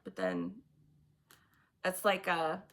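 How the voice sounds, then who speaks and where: A woman's voice: low-pitched, sing-song, slow, background noise. A woman doing a casual tarot reading, chatty and blunt, often laughing as she talks. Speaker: tarot reader.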